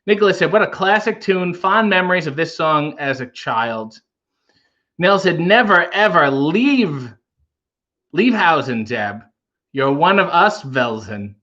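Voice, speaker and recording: A man's voice: on the high side, lively intonation, a little slow, bright, forceful tone, dull audio. A man hosting a casual livestream, reading viewer comments aloud and riffing on them with wry humor. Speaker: livestream host reading chat.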